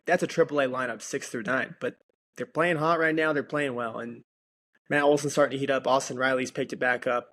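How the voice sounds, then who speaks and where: A man talking baseball as a guest on a casual podcast, going on in long animated runs. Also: mid-range voice. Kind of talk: casual sports chat.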